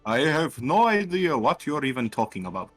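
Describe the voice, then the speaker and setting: A man's voice: a little high, sing-song, normal speed, a bit bright, soft background music. A man playing a tabletop game online, mixing casual chat with in-character remarks. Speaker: player.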